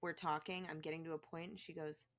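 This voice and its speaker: A woman with a notably low voice, a guest on a podcast. She talks in a candid, chatty, reflective way. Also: flat delivery, fast, a bit bright. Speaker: podcast guest, co-host of another show. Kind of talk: podcast conversation.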